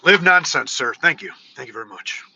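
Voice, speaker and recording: A man hosting his own livestream, chatting loosely and excitedly with viewers, full of "dude" and "bro". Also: on the high side, brisk, creaky, lo-fi sound, a little hiss or hum. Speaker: livestream host. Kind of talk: casual livestream chat.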